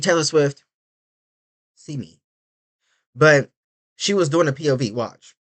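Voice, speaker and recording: Man, reaction video host, fairly high voice, animated, casual rant. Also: unhurried. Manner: animated, swings from loud outbursts to low mutters.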